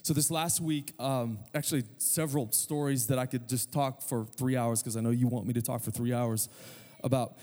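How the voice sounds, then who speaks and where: A middle-aged male pastor preaching a sermon, telling a story with self-deprecating humor and quick asides. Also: medium pitch, fairly even intonation, mellow, long reverb tail.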